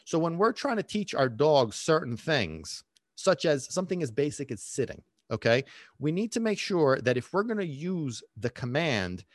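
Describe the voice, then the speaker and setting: A man's voice: fairly high pitch, very animated, normal speed, no echo, studio quality. A man who works as a dog trainer, explaining casually and emphatically, throwing in rhetorical questions and checking in with "okay?" and "right?". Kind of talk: casual instructional talk.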